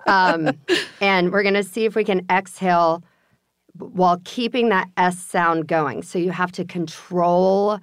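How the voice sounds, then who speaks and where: A woman coaching voice and breath in a relaxed conversation, instructive and encouraging. Her voice is smooth and resonant, recorded close and dry with no room sound. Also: fairly low pitch, measured pace, dry recording. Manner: instructive, counts aloud and demonstrates breathing. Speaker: voice coach guest. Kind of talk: casual voice-training chat.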